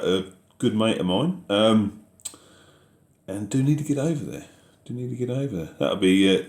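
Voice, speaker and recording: Host, male: relaxed farmer reading viewer questions aloud, lowish voice, echoey space. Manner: easygoing, reads out viewer questions then answers. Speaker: farming video host answering live chat. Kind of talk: casual live Q&A chat.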